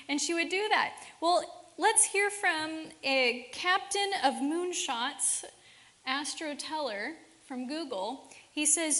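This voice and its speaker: A woman's voice: high-pitched, unhurried, a bit bright. A woman giving a faith-based parenting seminar talk in a church, asking the audience many rhetorical questions. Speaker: seminar speaker. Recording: reverberant church hall.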